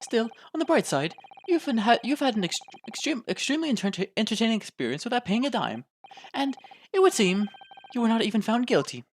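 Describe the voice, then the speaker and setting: A woman's voice: a little high, very animated, a little fast, a little hiss or hum, voice pushed up. Woman doing a pompous eccentric detective. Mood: amused. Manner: grand, airy and theatrical.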